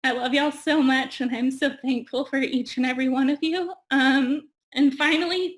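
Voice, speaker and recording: A young woman giving a heartfelt thank-you speech on a video call, full of ums and getting teary. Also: high-pitched. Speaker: graduating audiology student.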